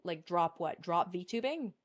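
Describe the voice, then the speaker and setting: A woman's voice: lowish voice, lively intonation, measured pace. A woman streamer chatting casually and candidly, rambling with lots of fillers.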